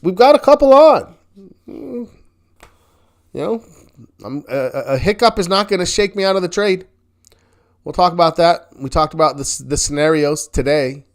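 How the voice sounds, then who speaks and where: A man hosts a live market check-in with a slightly high voice that swings widely in pitch. He talks in a chatty way, laughs often, and keeps restarting and repeating his words. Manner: self-correcting, repeats words. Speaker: host. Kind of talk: live-stream market commentary.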